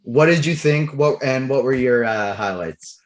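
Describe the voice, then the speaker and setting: A man's voice: mid-range voice, a little slow. A man from Canada hosting a casual podcast roundtable and passing the questions to his panel. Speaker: podcast host.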